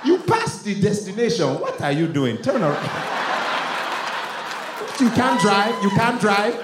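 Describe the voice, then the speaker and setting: A man's voice: high-pitched, very animated, unhurried, background noise, voice pushed up. A man voicing a bossy Nigerian GPS that scolds the driver with impatient commands in a Nigerian accent. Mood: scolding. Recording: roomy club with crowd laughter.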